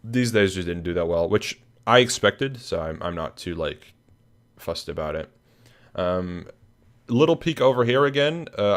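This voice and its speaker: A young man hosting a casual recap of his channel, tired and yawning, rambling with lots of fillers and restarts. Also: fairly low pitch. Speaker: channel host. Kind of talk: casual screen-share recap.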